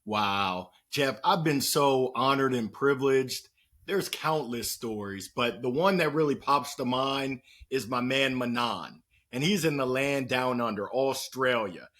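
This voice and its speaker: A man speaking as a podcast guest and motivational speaker, telling stories in a playful, animated way and acting out the voices of the people he quotes. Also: mid-range voice, measured pace. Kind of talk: energetic storytelling conversation.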